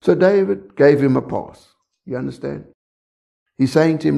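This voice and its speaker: A man's voice: fairly high pitch, moderate pace, creaky, pauses often, dark tone. A man preaching a sermon, talking conversationally and often checking in with the congregation.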